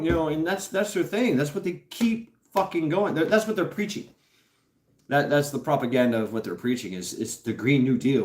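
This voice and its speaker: A man's voice: a little high, big pitch swings. Man, casual livestream host, rambling and laughing, echoey room. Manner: rambling, laughing, swearing, halting with many fillers. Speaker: host reading live chat. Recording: roomy echo.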